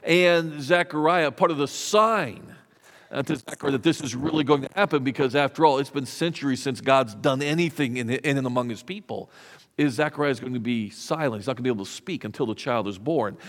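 A man's voice: mid-range voice, fairly quick, fairly bright tone, long reverb tail. A man preaching a sermon in a conversational way, with rhetorical questions and frequent restarts. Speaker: pastor.

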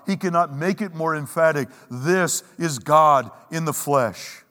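A man preaching a sermon in a big church hall, his voice trailing off into long reverb. His pitch sits a little higher than most men's. He is emphatic and pauses for effect, slowing down to lean on each word of scripture. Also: sharp tone.

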